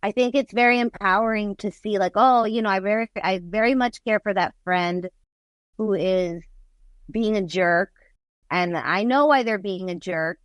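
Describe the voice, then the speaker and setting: A woman's voice: mid-range voice, normal speed, no room sound. A woman in her forties, a guest artist and musician, talking candidly and rambling in a casual interview, with lots of "like". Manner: candid, rambling, heavy use of "like".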